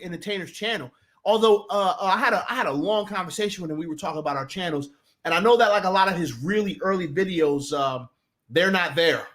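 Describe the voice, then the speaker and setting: A man with a fairly high voice hosts a live sports talk stream. He rambles in a relaxed way, restarting his sentences and filling gaps with fillers. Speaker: sports talk show host. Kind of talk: casual live-stream chat.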